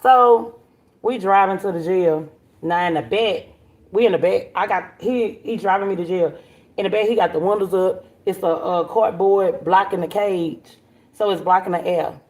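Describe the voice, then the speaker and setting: A woman, casually telling a story to her livestream viewers, animated and blunt, swearing freely. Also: mid-range voice, normal speed. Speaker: livestream host.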